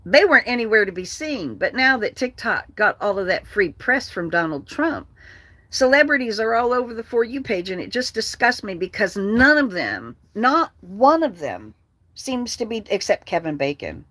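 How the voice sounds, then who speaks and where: A woman's voice: mid-range voice, very animated, moderate pace, fairly bright tone, no echo. An older woman hosting a casual livestream, ranting bluntly and with swearing while reading out comments from viewers. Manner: blunt, profane, ranting, reads comments aloud. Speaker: livestream host.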